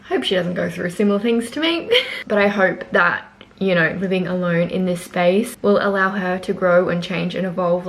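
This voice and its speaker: A woman's voice: lowish voice, low-quality recording. Chatty young woman vlogging. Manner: chatty and giggly, says "like" often. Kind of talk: casual vlog chat to camera. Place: at home.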